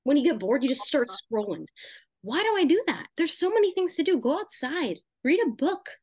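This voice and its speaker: A young woman on a podcast talks through her thoughts in a loose, chatty way, full of asides and filler words. Her voice sits a bit high, and the recording is dry and close. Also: big pitch swings, moderate pace, no echo. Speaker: podcast co-host. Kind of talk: casual chat.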